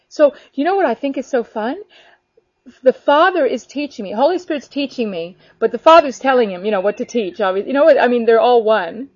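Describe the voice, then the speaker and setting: Woman, higher voice, eager faith chat, lo-fi dry recording. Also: no room sound. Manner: animated, earnest, many fillers. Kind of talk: casual faith conversation. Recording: dull lo-fi sound.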